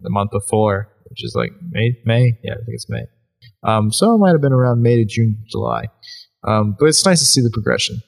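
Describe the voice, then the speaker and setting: Man co-host, mid pitch, casual comedy podcast chat, rambles, restarts, swears freely. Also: expressive, brisk, gravelly.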